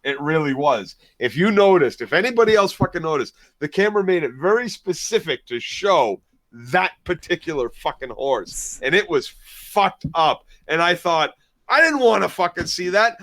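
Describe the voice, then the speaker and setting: A man's voice: a little high, lively intonation, normal speed, a bit bright. A man co-hosting a casual TV recap podcast, emphatic and profane, often cutting in. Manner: emphatic, profane, talks over others. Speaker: podcast co-host.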